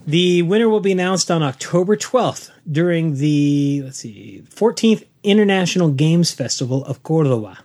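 A man's voice: a little high, lively intonation, normal speed, few pauses, a little mellow. A man co-hosting a podcast, reading board game news in a playful way and joking around. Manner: playful, quotes movie lines and jokes around. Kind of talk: casual chat about board game news.

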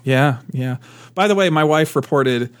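A man's voice: medium pitch, unhurried, dry recording. A man co-hosting a podcast in casual chat, playful and teasing, often repeating words as he goes. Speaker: podcast co-host.

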